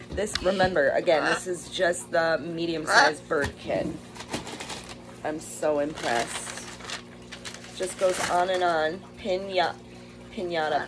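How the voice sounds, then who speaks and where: A bird rescue vlogger speaks in a low voice over some background noise. She chats casually as she unboxes bird toys at home, gushing over them and talking to her pet birds.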